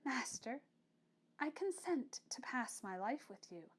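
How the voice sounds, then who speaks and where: A shy young woman pupil with a soft, hesitant, earnest voice, sometimes lapsing into French, as a woman reader plays her. She speaks higher and lighter than the narration. It is a classic storybook reading. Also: big pitch swings, slow pace, husky, exaggerated voice. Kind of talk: audiobook reading of a classic novel.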